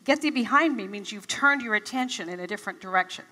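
A woman's voice: mid-range voice, lively intonation, fast, pushed and bright. An older woman giving a motivational talk to a live audience, telling stories and acting out her own past reactions with animation. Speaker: motivational speaker. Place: large event hall. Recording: reverberant hall.

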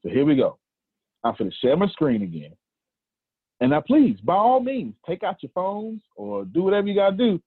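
A man in his forties with a Southern American accent hosts a motivational group call, animated and preachy, repeating phrases straight to the listeners. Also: sits high, moderate pace, breathy edge, dry recording. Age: 40s. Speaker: host of a coaching call. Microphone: video call. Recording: tinny phone-like call audio.

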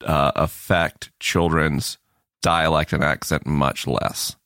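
Male guest from Florida, low voice with a bright edge, lively. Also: takes it slowly, no room sound, studio quality. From Florida Panhandle. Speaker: podcast guest. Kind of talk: casual chat.

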